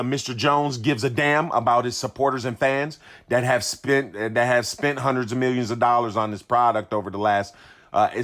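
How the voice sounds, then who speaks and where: A man's voice: medium pitch, a bit bright. A man giving an indignant, repetitive rant as a sports commentator, hammering his points over and over. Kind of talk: ranting video commentary.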